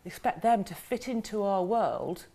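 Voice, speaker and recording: A woman's voice: mid-range voice, animated, gravelly, mellow. A woman, a dog behaviour expert guest, talking casually in a TV studio and acting out dogs and owners as she explains. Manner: chatty, acts out dogs and owners in quick voices.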